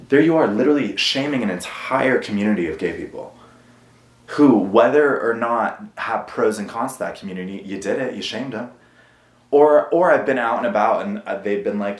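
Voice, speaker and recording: A man talks straight to his camera at home in a candid, confessional monologue, earnest and hard on himself, with frequent swearing. His voice sits a little low, and the room gives it a noticeable echo. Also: animated, a little fast. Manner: earnest and self-critical, swearing often. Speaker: vlogger.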